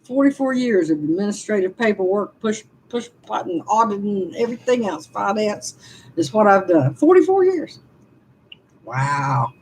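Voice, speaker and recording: A woman's voice: medium pitch, sing-song, moderate pace, a little mellow, a little hiss or hum, rough recording. A woman in her sixties, venting on a live stream. She sighs often and talks to her chat about her frustration. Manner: frustrated, sighing, speaks to chat.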